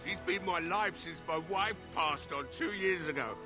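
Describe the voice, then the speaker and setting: Man voicing a gruff grieving blacksmith. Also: a little high, a little slow, over music, lightly acted. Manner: gruff, curt and weary. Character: grieving middle-aged male village blacksmith, drunk and bitter. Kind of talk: video game voice acting.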